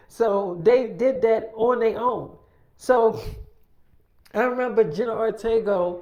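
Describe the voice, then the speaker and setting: A woman's voice: on the high side, a little mellow. A woman spinning an improvised first-person story in a casual, profane way, acting out the dialogue as she goes.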